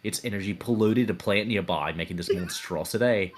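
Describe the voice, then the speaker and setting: A man's voice: on the low side, a little fast, natural voice. A man voicing a brash young Australian adventurer in a tabletop game, with a put-on Australian accent, rambling with fillers and calling everyone mate. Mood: recapping. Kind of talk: in-character tabletop game recap.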